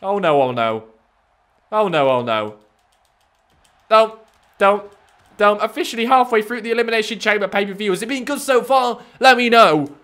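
A young man commentating live over his own gameplay, cheeky and excitable, swearing and shouting at the screen. His pitch swings all over the place and his tone is bright and forceful. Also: moderate pace, long pauses. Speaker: gaming YouTuber.

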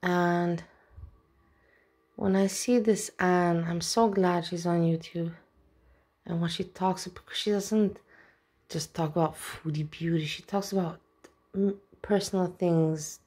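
Emotional woman vlogger, lowish voice. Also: dark tone. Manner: openly emotional, rambling. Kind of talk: casual reaction vlog.

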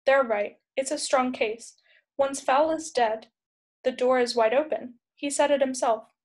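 A woman voicing a brainy, cocky male centaur tech expert in a read-aloud storybook, talking quickly and teasingly. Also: sits high. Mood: insistent.

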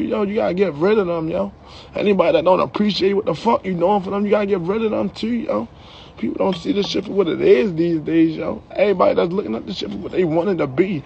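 A man's voice: high voice, fast, gravelly, darkish tone, lo-fi sound, a little hiss or hum. A young man in a heated, profane rant to the camera, ending his lines with "yo". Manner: profane, heated, repeats "yo" at line ends.

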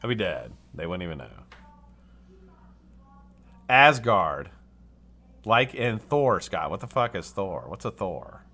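Male host from the US, chatty live-stream voice, bright tone, plenty of pitch swing, casual cussing. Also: moderate pace, few pauses, husky. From United States. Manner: animated, chatty, swears casually. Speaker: livestream host.

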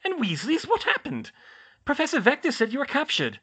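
High fussy matron played by a man, brisk audiobook nurse. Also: very animated, a bit bright. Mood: alarmed. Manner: fussy, quick, exclaiming. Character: brisk motherly school nurse, middle-aged woman. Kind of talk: audiobook character voice.

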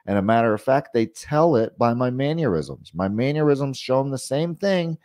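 A man's voice: mid-range voice, moderate pace, no echo, studio quality. Chatty man coaching in sales. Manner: conversational, frequent "you know" and "right?" asides; acts out pushy and calm sales questions. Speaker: RV sales trainer. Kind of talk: casual training talk.

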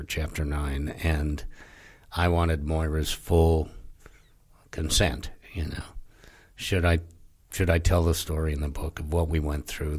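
A man talking as a podcast guest, telling a personal story in a halting way, repeating words and trailing off quietly. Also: extremely low pitch, slightly rough. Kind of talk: conversational storytelling.

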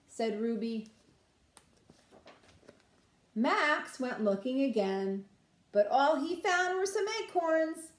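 A woman nursery school teacher reads a picture book aloud, animatedly asking the children questions. She speaks slowly in a high voice, pausing often, and the sound is reverberant.

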